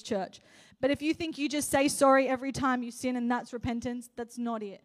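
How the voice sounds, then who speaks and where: High-voiced impassioned young woman preaching. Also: fairly even intonation, brisk. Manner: impassioned, rising to loud exhortation. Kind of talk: sermon.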